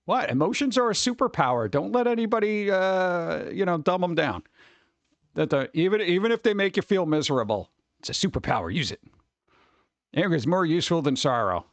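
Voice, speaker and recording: Middle-aged dude rambling on his stream, kinda high voice, swears a bunch, does little voices for people. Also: a bit bright, no room sound. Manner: rambling, loose, swears a lot, acts out quoted people; over-caffeinated. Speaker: streamer host. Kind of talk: casual rambling chat with viewers.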